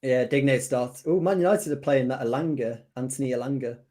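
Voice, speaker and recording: A man's voice: medium pitch, a little fast, mellow. A man in casual football chat, musing over betting picks with hesitant restarts.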